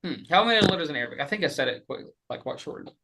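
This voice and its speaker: Man, online class teacher, bright tone, animated, repeats letters slowly, webcam. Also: a little high, husky. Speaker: Quran recitation teacher.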